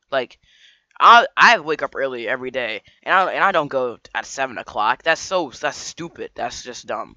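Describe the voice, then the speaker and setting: A man's voice: mid-range voice, lively intonation, moderate pace, pushed and bright, no echo, lo-fi sound. Rambling young man telling a storytime. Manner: rambling, full of restarts and slang. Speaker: vlogger. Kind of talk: casual storytime vlog.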